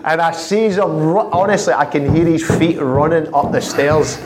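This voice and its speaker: A man with a Scottish accent, a footballer guest telling prank-call stories with lively laughter and constant "I says". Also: fairly high pitch, moderate pace, very noisy. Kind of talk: anecdotal storytelling.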